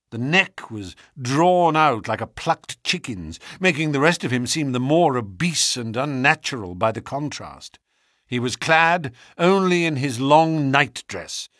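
Male audiobook narrator, lively delivery. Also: dry recording, clean studio sound. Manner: measured storytelling with expressive pitch. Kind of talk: classic novel audiobook reading.

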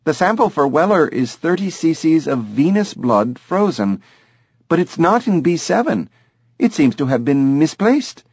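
A man's voice: on the high side, big pitch swings, a little slow, darkish tone, slightly rough, no room sound, studio quality, pitched above the performer's own voice, heavily acted. Man voicing a polite hospital clerk woman. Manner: polite, efficient. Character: brisk young female hospital clerk.

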